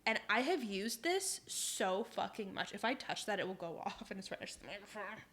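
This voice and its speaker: A woman's voice: medium pitch, expressive, fairly quick, a bit bright, a little hiss or hum. A young woman chatting casually on a live stream, reading out chat messages, laughing often and swearing in passing.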